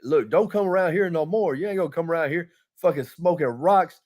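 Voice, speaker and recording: Man, casual podcast storyteller, cussing and rambling, slightly high voice. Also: brisk, a little mellow. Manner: profane, rambling, laughing storyteller. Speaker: podcast host.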